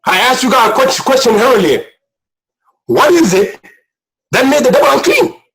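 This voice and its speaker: A man's voice: very high-pitched, big pitch swings, normal speed, low-quality recording. A man preaching a sermon as a guest speaker, impassioned and repetitive, at times near tears. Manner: impassioned, repetitive, rising to shouts.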